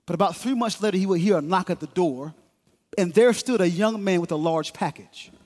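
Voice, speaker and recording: High-voiced preacher telling a story. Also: male voice, a little mellow, in a large hall. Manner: dramatic, measured storytelling. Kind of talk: sermon illustration storytelling. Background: music.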